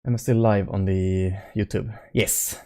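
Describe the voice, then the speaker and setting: A young man chats casually on a live stream, rambling and animated with playful swearing. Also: fairly low pitch, a little slow. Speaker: indie game developer streaming. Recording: faint music in background.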